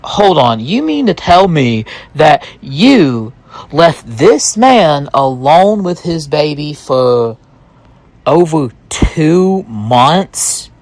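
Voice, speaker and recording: A man voicing an excitable, blunt young army sergeant who stammers when flustered. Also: a little high, very slow, no echo, heavily acted, low-quality recording.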